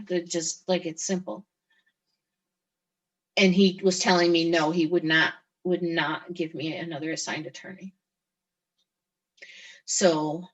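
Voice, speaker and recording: A middle-aged woman telling her own story as an interview guest, halting, with frequent restarts and pauses. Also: lowish voice, fairly bright tone, rough recording. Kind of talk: personal testimony in conversation.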